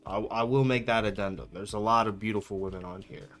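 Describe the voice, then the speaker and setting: A man's voice: fairly low pitch, steady tone, fast talker, a bit bright, soft background music. A young man chatting casually on his stream, rambling, amused and laughing often.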